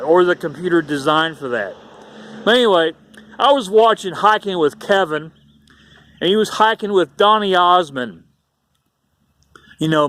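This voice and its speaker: High-voiced man rambling on a vlog. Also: fairly bright tone. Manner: rambling, repetitive storytelling. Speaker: YouTuber. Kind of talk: casual vlog monologue.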